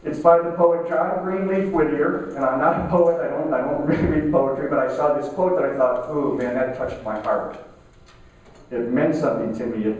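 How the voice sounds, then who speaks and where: A middle-aged man gives a conversational motivational talk, slowing down to stress key lines. His voice sits a bit high. The recording is very echoey and picked up from a distance in a conference room. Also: a little mellow. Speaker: keynote speaker. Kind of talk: motivational talk to a live audience. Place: conference room at a networking event. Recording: echoey room, mic from far off.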